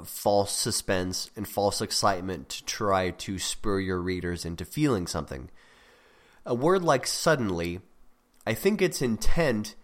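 This is a man with a somewhat low voice, talking off the cuff about the craft of writing. He drifts into fillers and restarts, circling his points in an easygoing, conversational way. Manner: conversational, self-correcting with frequent fillers. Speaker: podcast host. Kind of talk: casual talk on writing craft.

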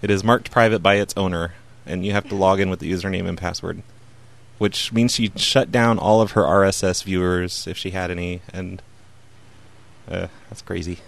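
A man's voice: low-pitched, steady tone, normal speed, creaky. A man hosting a prank call show, chatting casually, laughing and rambling mockingly.

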